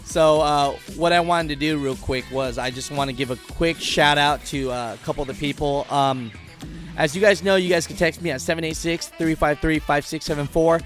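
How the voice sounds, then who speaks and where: A man's voice: fairly high pitch, fairly even intonation, moderate pace, soft background music. A man hosting a live trucking call-in show, talking loosely and laughing often. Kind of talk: casual live-stream talk.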